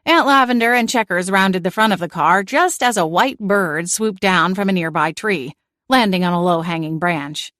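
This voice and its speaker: A woman's voice: on the low side, moderate pace, a bit bright, no room sound, clean studio sound. A woman narrating a cozy mystery audiobook in first person with wry storytelling.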